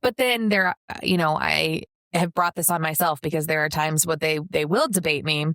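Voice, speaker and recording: A woman's voice: deep voice, moderate pace, fairly bright tone, no room sound, clean studio sound. A woman co-hosting a podcast, talking in a rambling, casual way. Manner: rambling, many fillers and restarts. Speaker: podcast co-host. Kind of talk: casual chat.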